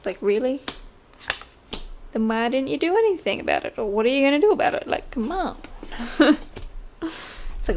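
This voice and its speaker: Woman, tarot reader, casual, chatty, laughs a lot, slightly high voice. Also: very animated, moderate pace, pauses often, a little mellow, slight background noise. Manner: chatty, laughs often, mimics voices in quotes.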